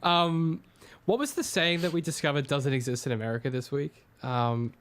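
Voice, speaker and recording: A man's voice: a little high, moderate pace, a bit bright. An Australian man co-hosting a casual critical discussion, loose and swearing, with many ums and restarts. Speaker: podcast co-host.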